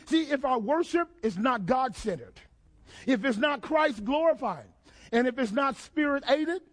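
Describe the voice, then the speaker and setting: A high-pitched male pastor preaching with fervor. He questions his listeners directly and climbs into shouted, emphatic lines. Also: slightly rough. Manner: preaching with call-and-response questions and rising shouts. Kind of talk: sermon.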